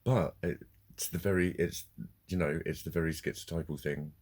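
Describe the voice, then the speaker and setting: A man's voice: low voice, fairly even intonation, moderate pace, a little mellow. A man ranting casually in a sweary, heated way, telling a story with bursts of laughter. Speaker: vlogger.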